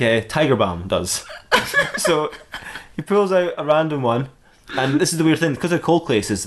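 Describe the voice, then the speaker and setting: A man improvising a comic story, rambling, laughing and correcting himself as he goes. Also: on the low side.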